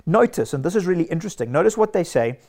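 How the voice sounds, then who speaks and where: A man's voice: fairly high pitch, sing-song, fast talker, a little mellow. A man preaching a sermon in an earnest, emphatic way, stacking short declarations.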